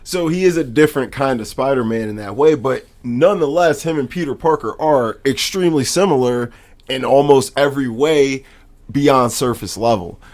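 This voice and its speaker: A man's voice: mid-range voice, normal speed. A man co-hosting a podcast, chatting casually and enthusiastically about movies. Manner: enthusiastic, animated fan talk. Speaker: podcast co-host. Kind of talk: casual chat.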